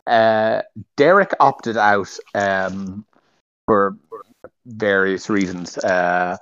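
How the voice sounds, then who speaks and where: A man's voice: on the low side, extremely slow, clean tone, no echo. A man from Ireland with an Irish accent, a podcast guest talking casually about racing photography over a phone call. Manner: relaxed, laughs easily, restarts phrases. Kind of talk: casual interview chat. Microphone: telephone call. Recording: muffled phone-call audio.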